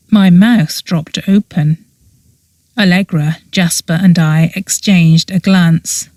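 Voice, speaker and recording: Slow, measured woman narrator. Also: fairly low pitch, warm tone, no echo. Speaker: audiobook narrator. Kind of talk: scripted narration.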